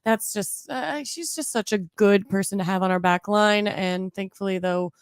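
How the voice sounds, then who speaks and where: A woman's voice: mid-range voice, moderate pace, clear, resonant tone, no echo, clean studio sound. An American woman co-hosting a casual fan podcast, chatty and teasing. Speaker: podcast co-host.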